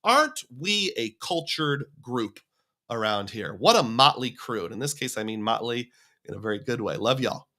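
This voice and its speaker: A man's voice: on the low side, brisk, pushed and bright. A man hosting a livestream, talking casually and rambling as he reads viewer comments. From United States. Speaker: livestream host.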